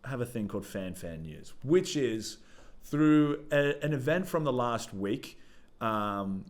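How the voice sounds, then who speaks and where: A young man co-hosting a podcast, rambling and joking in casual banter. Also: lowish voice. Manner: playful, rambling, jokey. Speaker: podcast co-host.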